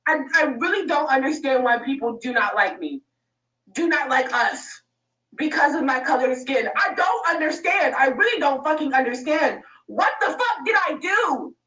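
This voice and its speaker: A woman's voice: high voice, expressive, normal speed, bright, forceful tone. Woman, emotional vlog rant, swearing, upset, echoey room, distant mic. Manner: upset, swearing, on the edge of tears.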